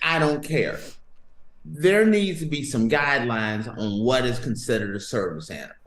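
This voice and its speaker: A man's voice: mid-range voice, moderate pace, reverberant. A man hosting a sports podcast, ranting and joking emphatically in casual banter. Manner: animated, joking, emphatic rants.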